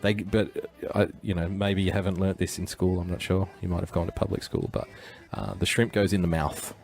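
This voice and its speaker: A man with a very deep voice hosts a casual livestream, thinking out loud and drifting from point to point. He cracks jokes and chuckles at his own asides. Faint music plays behind him. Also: level tone, brisk, gravelly. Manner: rambling, joking, chuckling asides. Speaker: livestream host.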